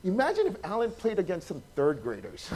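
A male preacher with a notably high voice gives a relaxed, conversational sermon. He tells stories with lively energy, acts out the people in them and keeps asking his listeners questions. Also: a little fast. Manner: chatty, animated, acts out quotes, asks the audience questions. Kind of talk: informal sermon storytelling.

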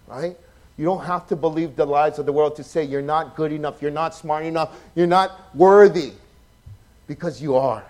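A pastor, preaching a sermon that swings from loud, emphatic passages to soft, hushed ones. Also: male voice, a little high, moderate pace. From Hawaii.

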